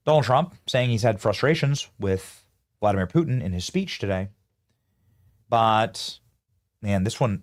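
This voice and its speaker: A man hosting a live political commentary show, riffing animatedly and talking to his producers and chat. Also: fairly low pitch.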